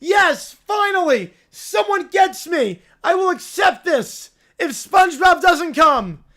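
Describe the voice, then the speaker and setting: A man voicing a spoiled, self-centered little boy who whines and shouts in a panic. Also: very high voice, big pitch swings, takes it slowly, pitched above the performer's own voice, full character voice. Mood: whining.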